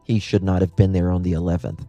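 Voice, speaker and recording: A man's voice: deep voice, level tone, fast, mellow, no room sound, dull audio, faint music behind. A man hosting a true-crime livestream, thinking aloud in casual commentary and posing rhetorical questions.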